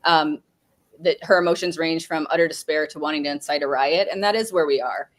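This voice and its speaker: A woman's voice: deep voice, brisk. A woman hosts a webinar on a video call. She talks conversationally and reads out viewer comments. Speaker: webinar host. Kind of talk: casual webinar talk.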